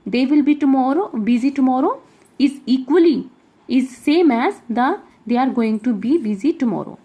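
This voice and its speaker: Woman, Indian English accent, English teacher, mellow tone, explaining grammar exercises step by step. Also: high-pitched, lively intonation, moderate pace, breathy edge. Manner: explains step by step, with frequent checking asides. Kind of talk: grammar lesson, reading exercises aloud.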